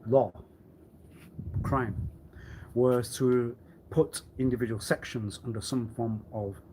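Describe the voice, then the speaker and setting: Rambling man, keeps clearing his throat. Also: mid-range voice, fairly even intonation, takes it slowly, mellow, a little hiss or hum. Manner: meandering, repeats phrases, frequent throat clearing. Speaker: livestreamer. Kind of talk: rambling solo livestream monologue.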